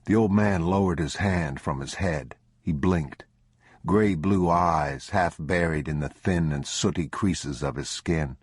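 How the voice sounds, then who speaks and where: A man narrates a bleak survival audiobook with a measured, grim delivery. His voice is deep and husky, and the close, dry recording keeps it intimate. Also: no room sound. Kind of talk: scripted narration.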